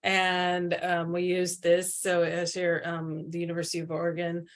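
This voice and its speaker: Lower-voiced woman co-presenting. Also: completely flat delivery, normal speed. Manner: casual, many fillers. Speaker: co-presenter, former teacher. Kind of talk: teacher training presentation.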